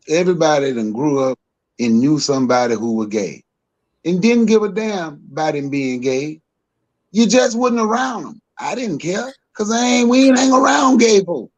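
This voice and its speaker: Man, podcast co-host, emphatic repetitions, fairly high voice. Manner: emphatic, repeats himself, rises sharply when worked up. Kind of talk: heated opinion talk.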